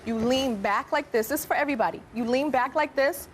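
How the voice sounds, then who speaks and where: A woman in her thirties hosts a talk show in a high, brisk voice, playful and joking and laughing often. She's in a TV studio with a live audience, whose sounds and other noise can be heard behind her.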